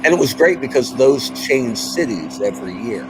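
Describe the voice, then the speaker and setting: Heard over background noise, this middle-aged podcast guest has a mid-range voice and a moderate pace. His talk is casual, and he turns his anecdotes into lively performances of the quoted conversations.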